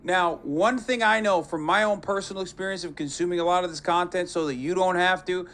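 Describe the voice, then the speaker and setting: A man streaming live, reacting to clips with profane, animated commentary and mocking impressions. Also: sits high, fairly quick. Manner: profane, animated, mocks voices.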